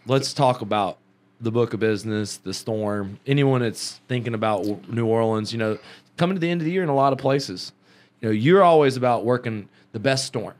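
A man's voice: medium pitch, a little fast. A man hosting a casual podcast interview, loose and joking, with slang and frequent laughter. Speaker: podcast host.

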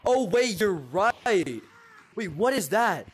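Young male gamer, high-pitched, hyped and repetitive in casual chat. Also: slow, husky. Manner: excitable, repeats phrases, exclaims often. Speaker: gaming video creator.

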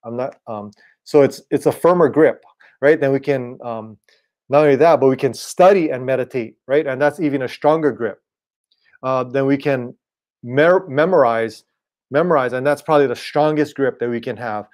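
A man preaching an online sermon in a relaxed, conversational way, often checking in with "right?". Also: medium pitch, normal speed. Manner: casual, repeats "right?" and "you know". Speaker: pastor.

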